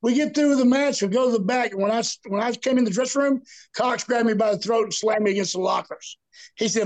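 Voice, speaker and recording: A man's voice: high voice, quick pace. An older man from Texas, telling salty, profane stories in casual chat. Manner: salty, profane, animated storyteller. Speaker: guest. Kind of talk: casual storytelling.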